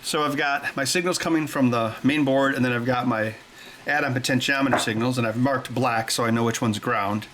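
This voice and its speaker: A man's voice: mid-range voice, a little fast, fairly bright tone, slight background noise. A man hosting a workshop vlog, rambling offhand while he wires up a controller. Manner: rambling, offhand, jokey asides. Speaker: host.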